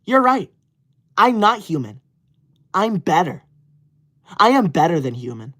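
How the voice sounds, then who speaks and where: A man in his twenties playing a touchy, self-important young livestreamer who reads super chats in an indignant, whiny way and shouts at viewers. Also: high-pitched, sing-song, a little slow, heavily acted. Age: 20s. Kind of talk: parody livestream skit.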